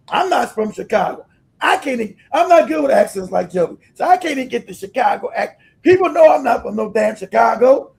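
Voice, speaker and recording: High gravelly man ranting on a stream. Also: brisk, poor audio. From California. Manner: profane, laughing, animated. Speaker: host. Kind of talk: casual livestream rant.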